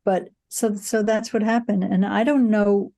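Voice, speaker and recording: Speaking slightly slowly in a mid-range, gravelly, dark voice with fairly even intonation, this older female film producer responds to interview questions. Her answers come as reflective stories, peppered with "you know" and frequent restarts.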